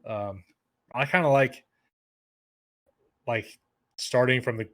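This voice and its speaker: A young man talking as a guest on a casual podcast. His voice sits at an ordinary middle pitch, and he rambles along with plenty of fillers and restarts. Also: slow pace.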